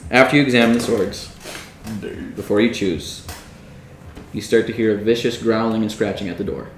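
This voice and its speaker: A man running a tabletop game as dungeon master, narrating scenes in a low, hushed storytelling voice. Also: moderate pace, reverberant, a little hiss or hum, low-quality recording.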